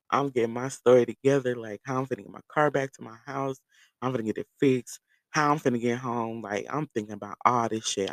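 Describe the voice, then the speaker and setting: A man telling a long personal story to his viewers in a loose, animated, profane way, laughing as he goes. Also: medium pitch, no room sound. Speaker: vlogger. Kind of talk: casual storytelling.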